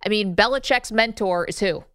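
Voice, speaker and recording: A woman co-hosting a sports radio show, upbeat and quick to laugh while taking callers. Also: medium pitch, fairly bright tone, dry recording, studio quality.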